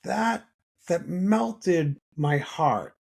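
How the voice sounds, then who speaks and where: A man speaking as a podcast guest, telling a personal story in an earnest, halting way with frequent restarts. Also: sits high, lively intonation, gravelly, slightly rough.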